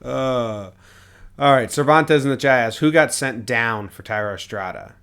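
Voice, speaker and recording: Bright-voiced man hosting a baseball podcast. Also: medium pitch, moderate pace, slight background noise. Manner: dry joking, reading chat questions and stats. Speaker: host. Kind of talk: casual sports podcast chat.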